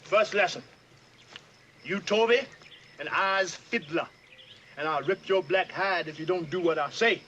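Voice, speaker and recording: A man's voice: high-pitched, unhurried, pauses often, a bit bright, dull audio, a little hiss or hum. An actor playing an older enslaved man who bossily drills a newcomer, in a heavy Southern dialect drawl. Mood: scolding. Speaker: actor in a film scene.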